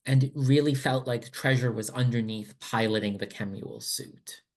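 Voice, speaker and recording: A man giving appreciative feedback to fellow players after a tabletop game session, in a thoughtful, measured way. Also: medium pitch. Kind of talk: casual post-session feedback.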